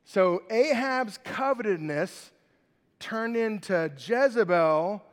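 In a large hall, a male pastor with a high-pitched voice preaches a sermon and reads scripture, acting out the characters in animated voices.

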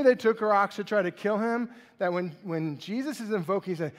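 A male pastor preaching in a lively, conversational way. His voice sits high. Long reverb from a large church hall hangs behind him. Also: moderate pace, few pauses. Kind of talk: sermon.

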